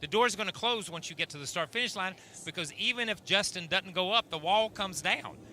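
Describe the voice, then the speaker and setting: A man's voice: high voice, brisk, slight background noise. A middle-aged man co-hosting a racing show, explaining emphatically in casual chat. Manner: animated, emphatic explaining with restarts. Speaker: racing analyst co-host.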